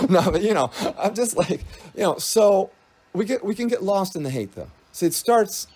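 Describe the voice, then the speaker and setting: Rambling man with a lively pitch. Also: moderate pace, slightly rough. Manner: meandering, laughs often, trails off and restarts. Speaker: spiritual speaker. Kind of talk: rambling spiritual monologue.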